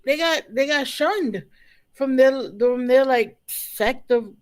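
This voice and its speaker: A co-host chatting casually on a livestream, telling personal stories in a relaxed way. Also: high-pitched, takes it slowly, clean tone.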